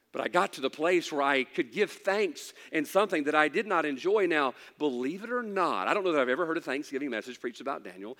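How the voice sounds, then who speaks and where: A middle-aged man preaching a sermon in a church, his voice sitting a little high for a man. He swings between emphatic preaching and relaxed, folksy storytelling. A long reverb trails behind his words. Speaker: pastor.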